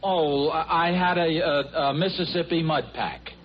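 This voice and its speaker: An actor playing a flustered husband who stammers sheepishly, in 1950s radio sitcom style. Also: male voice, fairly high pitch, unhurried, crowd noise, natural voice. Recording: muffled old radio broadcast with faint hiss.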